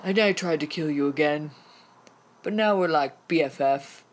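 A woman playing a smarmy male pirate captain, speaking in a deliberately poor mock accent. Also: sits low, pitched below the performer's own voice, natural voice.

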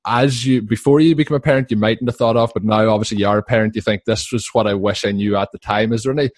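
Fast-talking low-voiced male host. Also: fairly even intonation, no room sound, clean studio sound. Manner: quick, laughs often, fills pauses with "uh". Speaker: podcast host. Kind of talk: casual interview chat.

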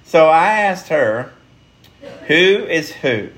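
A man's voice: on the high side, big pitch swings, takes it slowly, a bit bright. A man hosting a podcast, chatting casually and joking crudely over drinks with friends. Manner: laughing, joking, crude banter. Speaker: podcast host.

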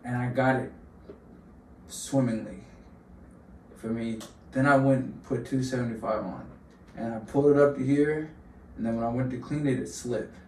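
A man's voice: mid-range voice, normal speed, pauses often, darkish tone. A young man in casual podcast chat, telling long fired-up stories full of slang. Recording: roomy room, distant mic, faint hum.

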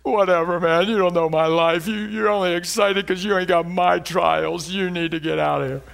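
A preacher voicing a bitter skeptic who brushes off good news with self-pity. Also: male voice, high voice, fairly even intonation, moderate pace, creaky, fairly bright tone. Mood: dismissive. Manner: dismissive, self-pitying. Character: dismissive grieving skeptic, man, bitter.

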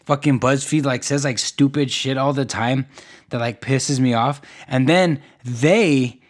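A man's voice: medium pitch, a little slow. A young man hosting a solo podcast, ranting in a rambling, profane way with many restarts and fillers. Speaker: podcast host.

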